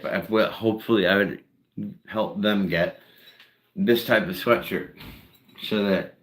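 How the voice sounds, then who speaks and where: A man's voice: on the low side, a bit bright, slight background noise. A man chatting casually on a solo live stream, rambling and heavy on fillers. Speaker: streamer and singer-songwriter.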